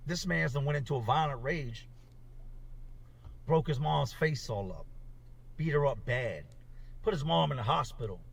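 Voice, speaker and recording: A gravelly, husky man tells a rambling story in a casual, animated way. His voice sits a little high and sounds set back from the microphone, as if it is playing from a clip. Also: moderate pace, long pauses, distant mic. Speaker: former inmate telling a jail story.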